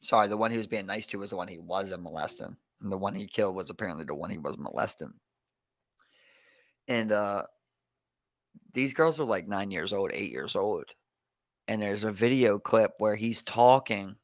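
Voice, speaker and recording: Lower-pitched young Baltimore man rambling. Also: normal speed, no room sound. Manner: rambling storytelling with lots of filler, calls listener "bro". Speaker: podcast co-host. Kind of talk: casual podcast chat.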